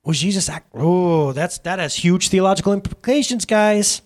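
A man preaching animatedly, pausing a book reading to address his listeners directly. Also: sits high, darkish tone.

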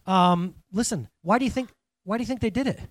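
Preaching briskly in a high-pitched voice, a male pastor keeps his sermon casual and conversational. He's animated and talks directly to the congregation, asking them questions as he goes. The recording has no echo.

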